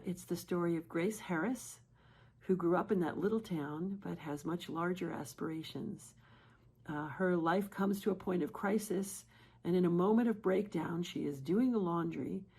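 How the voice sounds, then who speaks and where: A woman introduces her screenplay before a virtual table read. Her voice is low, gravelly and dark, and she speaks softly with a few hesitations. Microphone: video call.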